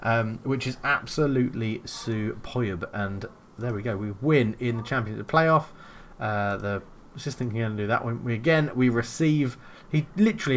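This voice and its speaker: A man giving casual, excitable play-by-play commentary while playing a football management game, thinking aloud between plays. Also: mid-range voice, normal speed. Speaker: video game player.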